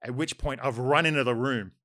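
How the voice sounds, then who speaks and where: A man's voice: medium pitch, fairly quick, bright, forceful tone, no room sound, clean studio sound. A man with an Australian accent telling a long, rambling story, full of fillers. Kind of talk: casual chat anecdote.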